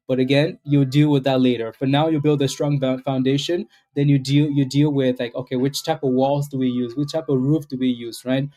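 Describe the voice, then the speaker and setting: A man's voice: mid-range voice, dark tone. A man hosting a live stock trading stream, chatting casually in a rambling way and often tagging "right?". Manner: rambling, keeps asking "right?", repeats himself. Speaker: stock trading livestream host. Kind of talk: casual live market commentary.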